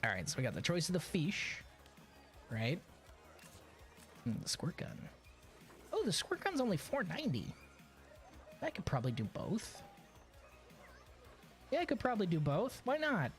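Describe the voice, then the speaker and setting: A male game streamer talking casually over his gameplay, swinging widely in pitch as he tells a story. His delivery is sarcastic and chuckling. Game music plays clearly behind him. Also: huge pitch swings, normal speed, long pauses.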